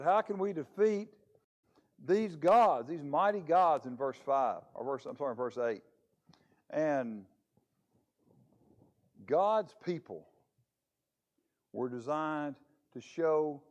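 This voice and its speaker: A man's voice: medium pitch, muffled recording. A man preaching a conversational Bible lesson in church, with a chatty manner full of rhetorical questions. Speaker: preacher teaching a Bible class.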